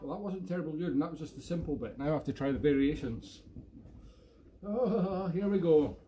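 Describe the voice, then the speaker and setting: A man's voice: a little high, expressive, fairly quick. A Scottish man hosting a weekly live music show from home, chatting casually and jokily between tunes and poking fun at himself. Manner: playful, jokey and self-mocking.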